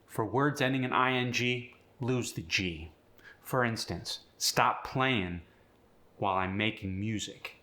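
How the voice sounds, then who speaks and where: A man's voice: mid-range voice, takes it slowly, bright, forceful tone. A man teaching an accent, explaining each sound change step by step before reading an example sentence. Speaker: accent coach. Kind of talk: accent tutorial.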